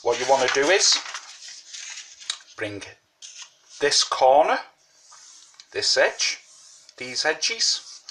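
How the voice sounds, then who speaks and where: A man's voice: medium pitch, sing-song, drawn-out words, pauses often, noisy background. A man hosting a casual origami tutorial, chatting through each fold with lots of fillers while sucking a mint. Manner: chatty, repeats "you know what I mean", many fillers. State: talking with a mint in his mouth. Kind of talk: casual step-by-step craft tutorial.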